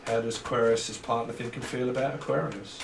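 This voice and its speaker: A man's voice: mid-range voice, steady tone, brisk, creaky. A man giving a rambling, jokey tarot reading. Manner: jokey, rambling, breaks into song and silly voices. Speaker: tarot reader. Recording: roomy, distant mic, faint hiss.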